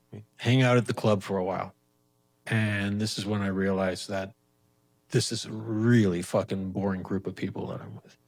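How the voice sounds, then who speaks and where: Male storyteller, open-mic stage, animated, salty language. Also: lowish voice, gravelly. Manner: profane, animated, acts out voices. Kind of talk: live comedic storytelling. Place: small community storytelling venue with a live audience.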